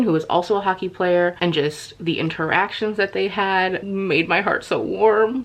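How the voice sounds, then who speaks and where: A woman in her twenties chatting casually in a home vlog, expressive and talkative. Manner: chatty, expressive, talks to her dog in a high voice. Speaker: vlogger.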